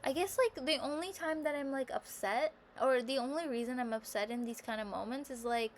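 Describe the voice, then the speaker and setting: A woman talking to camera in a casual vlog monologue, rambling and self-reflective, peppering her speech with "like" and turning animated when she quotes her own thoughts. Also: high-pitched, a little fast, slight background noise. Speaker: vlogger.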